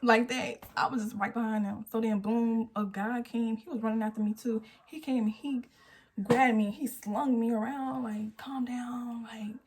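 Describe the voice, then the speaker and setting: A woman's voice: fairly high pitch, steady tone, normal speed, a little mellow. An eighteen-year-old woman telling a storytime vlog, acting out the quotes as she goes. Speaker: vlogger. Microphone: phone camera.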